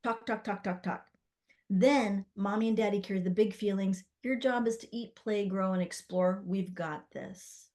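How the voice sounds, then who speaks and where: A middle-aged woman, a doula, telling stories in a casual interview, animated and full of fillers as she acts out what others said. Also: mid-range voice, normal speed, few pauses. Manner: animated, acts out quoted voices with many fillers. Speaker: guest, doula and spirit baby psychic.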